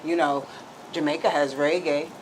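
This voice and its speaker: A woman's voice: deep voice, fairly even intonation, normal speed, a little hiss or hum, rough recording. A woman, a co-host who questions and pushes back, hesitant as she starts her points.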